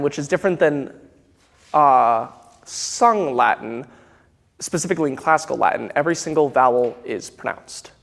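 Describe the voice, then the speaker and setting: A choir director, a man with a slightly higher voice, coaching singers through Latin diction. He speaks slowly and deliberately, spelling out every word. His voice rings with the long reverb of a church rehearsal hall.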